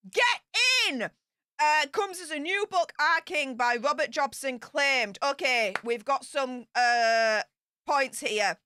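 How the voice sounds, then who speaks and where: A woman's voice: sits high, sharp tone, dry recording. A woman casually commenting on royal news, reading out points and adding chatty, emphatic asides.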